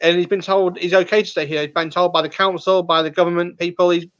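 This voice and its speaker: Male host, high-pitched, chatty storyteller, slightly muffled lo-fi sound. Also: steady tone, quick pace, a bit bright, clear, resonant tone. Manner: chatty storyteller who acts out quotes. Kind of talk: casual chat.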